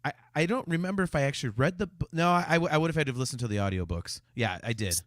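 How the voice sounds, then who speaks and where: A man with a slightly high, bright voice talks rapid-fire with lively intonation, recorded cleanly in a studio with no echo. He co-hosts a casual fan podcast, chatting hesitantly, stammering through restarted sentences and reading viewer comments aloud.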